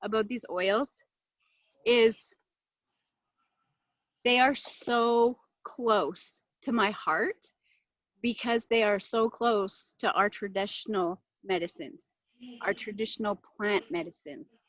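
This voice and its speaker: A woman's voice: mid-range voice, takes it slowly, pauses often, no echo. Chatty, heartfelt woman on dull laptop audio. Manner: chatty and heartfelt, lots of fillers, bursts of animated excitement. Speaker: class host presenting essential oils. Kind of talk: casual live presentation.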